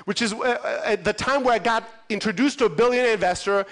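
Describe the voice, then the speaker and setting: High-pitched guy on a conference stage, swearing a lot, acting out every line of dialogue. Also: fairly quick, fairly bright tone. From Europe. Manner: profane, punchy, acts out dialogue. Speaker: conference speaker. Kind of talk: animated storytelling keynote.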